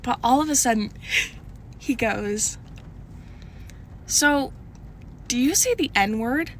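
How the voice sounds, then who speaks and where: A woman in her twenties telling a casual storytime, chatty and animated, full of likes and restarts. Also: slow, a little hiss or hum. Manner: animated, shifting pitch often.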